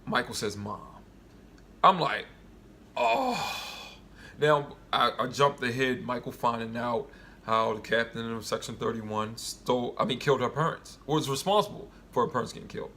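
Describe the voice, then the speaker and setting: A man giving a casual solo review of a TV episode, rambling and animated as he retells scenes with quoted voices. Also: medium pitch, fairly quick, a little hiss or hum.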